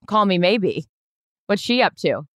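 A woman's voice: mid-range voice, animated, takes it slowly, a bit bright, no echo. A woman co-hosting a podcast in casual chat, joking and rambling and swearing freely. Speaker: podcast co-host.

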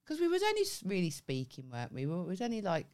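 A podcast co-host with a voice on the low side and a quick pace tells a story in a casual chat. She's animated, swears freely, and acts out the quoted dialogue.

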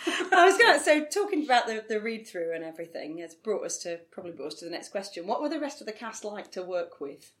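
A woman interviewer with an animated, lively voice. She keeps the guest going with quick agreement and easy laughter. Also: mid-range voice. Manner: encouraging, frequent backchannels and laughs. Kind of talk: interview chat.

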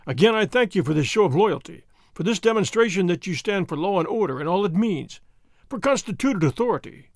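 A man's voice: sits high, expressive, fairly quick, no room sound, clean studio sound. A man voicing a pompous, flustered governor who blusters and pleads.

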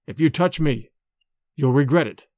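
A man reading a story aloud, voicing a stern old man who speaks in a hollow, gruff and threatening way. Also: a little high, moderate pace, darkish tone, no room sound, studio quality, close to an everyday voice. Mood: menacing. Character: stern, menacing old man returned wrong.

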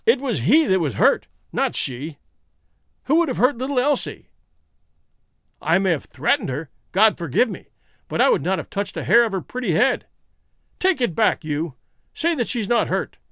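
A man's voice: sits high, big pitch swings, moderate pace, long pauses, no room sound, studio quality. A brash, fierce American man, as a male reader puts him on. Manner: loud, bitter and defiant.

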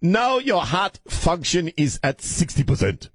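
A radio host putting on the voice of a small, blunt male cardiologist with a loud voice, speaking slowly and matter-of-factly. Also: very animated, slightly rough, no echo, studio quality, heavily acted. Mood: stern. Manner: slow, booming, matter-of-fact.

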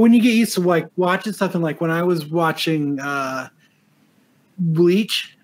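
Joking casual man, slightly high voice. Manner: relaxed, joking, with fillers and swearing. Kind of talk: casual chat.

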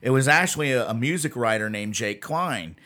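A man's voice: medium pitch, animated, brisk, pushed and bright. Rambling, hesitant male podcast co-host. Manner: rambling, hesitant storytelling with many fillers. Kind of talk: casual podcast chat.

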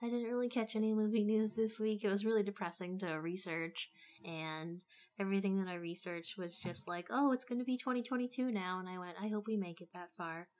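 Woman co-hosting a podcast, dry sarcastic jokes and swearing, middle pitch. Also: fairly even intonation, a little fast, darkish tone. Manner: blunt, sarcastic, swears freely. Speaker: podcast co-host. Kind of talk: casual podcast banter.

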